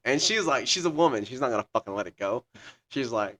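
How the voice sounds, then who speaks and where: A man's voice: mid-range voice, lively intonation, fast, pushed and bright. A young man co-hosting a podcast, chatting casually and telling a long rambling story full of swearing. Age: young adult. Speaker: podcast co-host. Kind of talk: casual chat.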